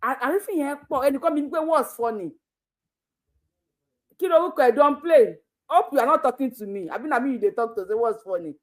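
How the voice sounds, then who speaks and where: High-voiced Nigerian woman hosting a channel. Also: racing, few pauses. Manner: animated, laughing, mixing Yoruba with pidgin English. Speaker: YouTube channel host. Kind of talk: casual live commentary.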